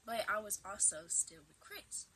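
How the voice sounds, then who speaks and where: A woman's voice: medium pitch, measured pace, a little hiss or hum, low-quality recording. A woman in her twenties telling a casual storytime vlog at home into her camera, acting out dramatic retorts as she goes. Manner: animated, acts out dramatic quoted retorts. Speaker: vlogger.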